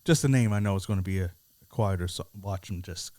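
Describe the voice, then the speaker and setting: A man co-hosting a casual music review podcast, talking in a laid-back, halting way and laughing often. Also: low-pitched, a little mellow, dry recording. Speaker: podcast co-host.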